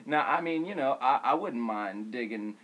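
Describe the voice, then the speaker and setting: A young man co-hosting a casual, profane chat show, rambling with halting restarts. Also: medium pitch, animated, dull audio, crowd noise. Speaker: co-host.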